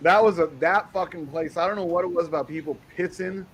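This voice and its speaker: A man telling a bar story in casual chat, swearing freely and animated. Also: high voice, quick pace, slight background noise, low-quality recording.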